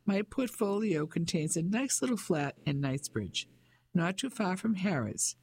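A man's voice: high voice, expressive, measured pace, a little mellow, husky, full character voice. A man reading a blustering middle-aged businessman. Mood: patronizing. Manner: blustering, patronizing. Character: pompous fifty-five-year-old English businessman husband. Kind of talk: audiobook character voice.

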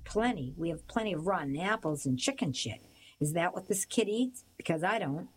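A woman's voice: lowish voice, expressive, moderate pace, slight background noise, lightly acted, poor audio. Woman doing a sneering, surly teenage brother. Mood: scornful. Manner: sneering, blunt. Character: surly teenage boy, hostile older brother.

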